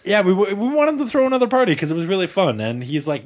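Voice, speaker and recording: A man tells a story to his friends in a loose, laughing chat. His voice sits a little high and moves around a lot. He keeps getting pulled off track and laughs his way back in. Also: very animated, quick pace, slight background noise. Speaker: podcast host. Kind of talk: casual chat among friends.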